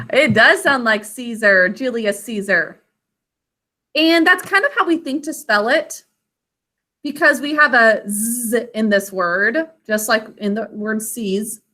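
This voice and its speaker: A woman's voice: a little high, takes it slowly, bright, forceful tone. A woman teaching an online spelling lesson to children over a video call, patient and careful as she sounds out words.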